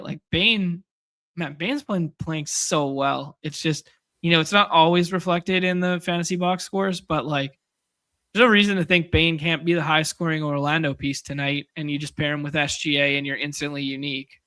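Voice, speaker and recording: A man's voice: a little high, fairly even intonation, normal speed, bright, forceful tone, dry recording. A man co-hosting a podcast, casually chatting through fantasy sports picks and thinking aloud. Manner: rambling, restarts while thinking aloud. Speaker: podcast co-host.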